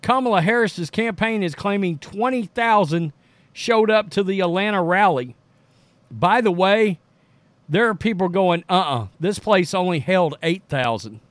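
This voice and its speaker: A man from Texas runs his own commentary show, speaking in a fairly high voice. He keeps it casual and sarcastic, tossing in mocking one-liners. The sound is dry and close, with no room around it. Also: lively intonation, unhurried, a bit bright, no echo. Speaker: political commentary host.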